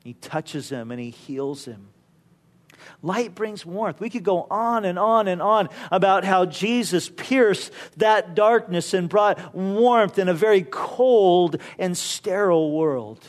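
High-voiced man preaching a sermon. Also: expressive, takes it slowly. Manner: conversational storytelling with frequent "you know" asides.

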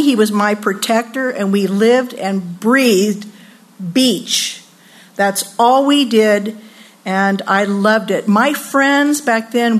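An older woman from California giving a sermon-style talk at a women's retreat, telling lively personal stories and acting out the voices she quotes. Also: a little high. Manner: animated storyteller, acts out quoted voices, laughs often.

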